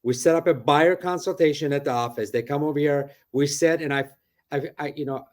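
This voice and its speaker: Chatty higher-voiced middle-aged man. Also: a little fast. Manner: animated and chatty, tags lines with "right?". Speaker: real estate broker and team owner. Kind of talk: casual interview talk. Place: his real estate office.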